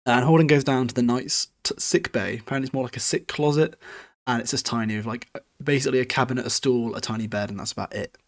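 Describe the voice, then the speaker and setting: A man's voice: mid-range voice, fairly even intonation, quick pace. A man casually recapping a novel chapter on his podcast, chatty and self-deprecating, swearing freely.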